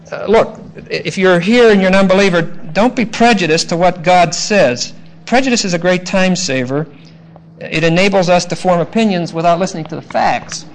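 A man teaching a Bible passage verse by verse, measured and emphatic, explaining Greek grammar. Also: high-pitched, slight background noise, poor audio. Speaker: preacher.

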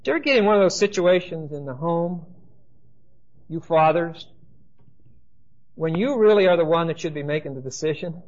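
A man's voice: fairly high pitch, expressive, moderate pace, pauses often. Guy giving a sermon, emphatic with dry jokes, talks right at the listeners, kinda muffled old recording. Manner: emphatic, dry humor, addresses listeners directly. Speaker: preacher.

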